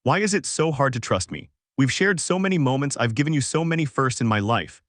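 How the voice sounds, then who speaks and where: A dignified elf woman pleading through tears, with the lines read aloud by a man in a steady, plain voice. The delivery stays even and unhurried, at a middling pitch. The recording is dry and close, with no room sound. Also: dry recording, close to an everyday voice. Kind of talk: storybook dialogue reading.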